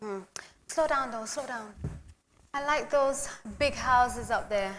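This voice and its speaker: A woman's voice: on the high side, slow, a bit bright, long reverb tail, a little hiss or hum. A woman with a British accent playing a complaining, easily alarmed woman back home from England in a comedy skit. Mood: fussy.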